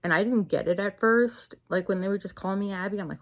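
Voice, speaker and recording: A woman's voice: mid-range voice, brisk. A young woman with a New Jersey accent, chatting casually and rambling as she reviews shows on her vlog. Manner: rambling, chatty, self-interrupting. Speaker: YouTuber.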